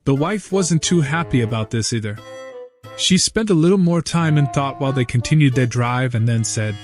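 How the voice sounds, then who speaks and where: A man narrating jokes in a scripted, even storytelling manner as host of a joke channel. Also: medium pitch, moderate pace, dry recording, clean studio sound. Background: faint background music.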